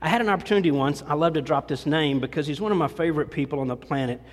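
Speaking very fast in a slightly high voice, a middle-aged pastor delivers a conversational sermon in a church sanctuary. His style is folksy and self-deprecating, with many restarted sentences. Long hall reverb fills the recording.

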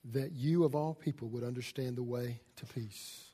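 A man preaching a sermon as a pastor, folksy and swinging from loud emphasis to hushed asides. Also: medium pitch, moderate pace, breathy edge.

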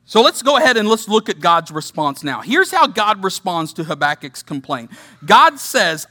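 A man preaching a sermon, impassioned and emphatic with rhetorical questions, slowing down to read scripture. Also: high-pitched, big pitch swings, bright, forceful tone. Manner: reads scripture slowly and deliberately. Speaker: pastor.

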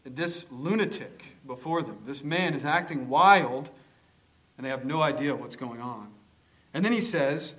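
Emphatic preacher man, high-ish voice. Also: animated, moderate pace, fairly bright tone, low-quality recording. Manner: emphatic, rhetorical tag questions. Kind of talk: sermon.

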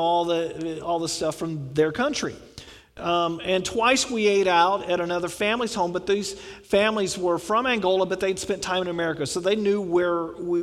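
Guy preaching, kinda high voice, tells stories and does little voices, big echoey hall. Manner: storytelling, acts out quoted voices, conversational. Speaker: pastor. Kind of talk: sermon.

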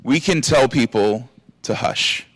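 Pastor giving a lively sermon, dry close sound. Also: male voice, medium pitch, slow, slightly rough, no room sound. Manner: animated, acts out scolding and encouraging voices.

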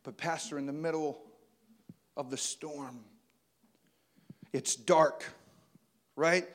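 A man, preaching a sermon that swings between loud urging and quiet, intimate passages. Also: on the high side, fairly even intonation, slow, pauses often. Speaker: pastor.

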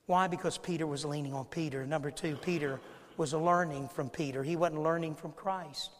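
A man preaching a sermon to his congregation, swinging between loud emphasis and quiet lines and acting out the people he quotes. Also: on the high side, fairly even intonation, normal speed, big-room sound. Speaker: pastor. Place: church sanctuary.

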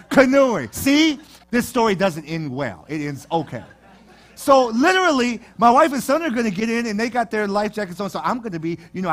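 A man preaching a sermon, telling jokes and stories to his congregation in a lively, playful way. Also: a little high. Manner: animated storytelling with jokes to the congregation. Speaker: pastor. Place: church sanctuary.

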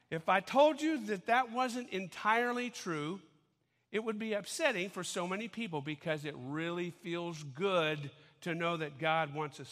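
Man, pastor preaching, high voice, bright tone, long hall reverb. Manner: conversational preaching, asks audience to follow along. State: out of breath after dancing. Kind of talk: sermon.

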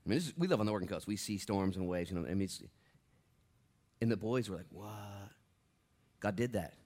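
A middle-aged pastor preaching a sermon, swinging from loud bursts to quiet, hushed asides. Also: male voice, low voice, animated, fast.

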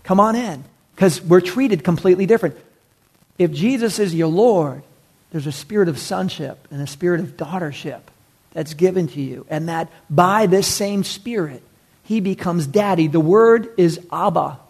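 A man preaching a sermon to his church, swinging from loud emphatic build-ups down to hushed, near-whispered words. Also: normal speed, vocal fry, husky. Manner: animated preaching with big pitch swings and hushed drops. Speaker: pastor.

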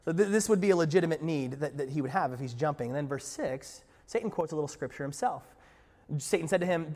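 A man preaching a sermon as pastor, animated, rising loud for quoted lines and joking asides to the congregation. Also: fairly high pitch, a little fast. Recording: reverberant hall.

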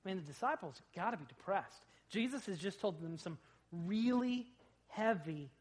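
A man preaching a sermon in a church, animated, rising loud on quoted lines and dropping low between them. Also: moderate pace. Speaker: pastor. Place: church sanctuary.

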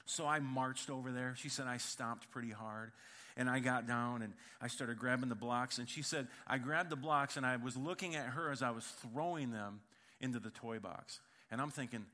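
Bright-voiced male pastor telling stories. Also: mid-range voice, fairly quick. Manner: humorous, conversational, addresses congregation directly. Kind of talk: sermon with storytelling. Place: church.

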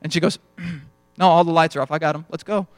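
A man's voice: on the high side, fairly even intonation, a little fast, no room sound. A young adult man preaching a sermon in a conversational storytelling way, acting out bits of dialogue as he goes. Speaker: pastor.

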